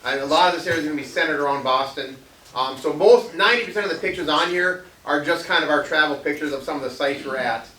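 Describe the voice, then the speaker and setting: In a veterans center hall, a man with a fairly high, sharp voice gives a fast, casual history lecture to a live audience. He rambles, with lots of ums, restarts and jokey asides. The hall is echoey and his voice sounds far away.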